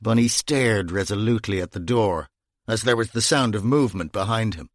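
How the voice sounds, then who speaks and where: In a clean, dry studio recording, a man with a lowish voice narrates a novel as an audiobook. His scripted storytelling is measured and wry.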